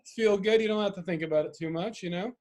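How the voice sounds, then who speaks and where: A man's voice: sits high, fast talker, a little mellow. A man co-hosting a casual podcast chat, rambling and profane, often laughing. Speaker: podcast co-host.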